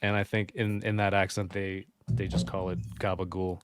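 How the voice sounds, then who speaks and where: A man appearing as a guest on a casual livestream, telling stories with lively, playful mock indignation. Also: low-pitched, normal speed, slight background noise.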